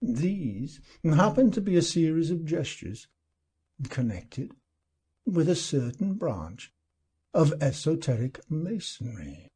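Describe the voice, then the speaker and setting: A cautious, reflective gentleman, read by a man, weighs every phrase before he lets it go. The voice is mellow and husky, rising and falling in an animated way. He speaks slowly, as if still deciding how much to tell. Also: fairly high pitch, pitched above the performer's own voice, full character voice. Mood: musing. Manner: reflective, hesitant. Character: thoughtful, guarded gentleman explaining secret gestures.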